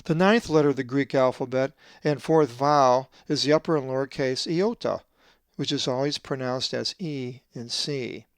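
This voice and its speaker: A man who translates the Bible, giving a scripted lesson on Greek pronunciation and slowly drawing out each example word. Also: mid-range voice, dry recording, studio quality. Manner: methodical, drawn-out slow stress on Greek words.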